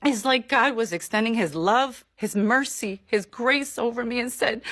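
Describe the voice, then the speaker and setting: A woman telling her personal conversion testimony, earnest and emotional, with halting restarts. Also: on the high side, fairly bright tone, no echo. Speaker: person giving a faith testimony.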